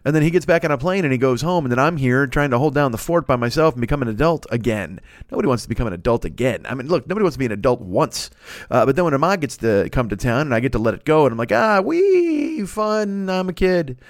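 A man's voice: mid-range voice, lively intonation, racing, no room sound, studio quality. A man in his forties hosting a solo podcast, rambling, swearing freely and poking fun at himself while he records alone. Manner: rambling, profane, self-mocking. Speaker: podcast host. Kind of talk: casual solo podcast chat. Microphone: studio microphone.

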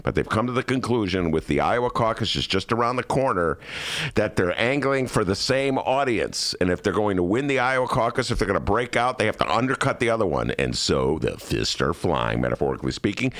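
A man hosting a casual political talk show from a studio, animated and joking, sometimes mimicking politicians. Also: on the low side, fairly quick. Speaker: podcast host.

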